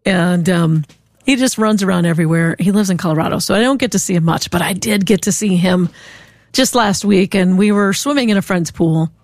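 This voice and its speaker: A woman hosting a short radio devotional, telling a story in a gentle, encouraging way. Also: lowish voice, fairly quick, dry recording, clean studio sound. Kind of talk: spoken devotional.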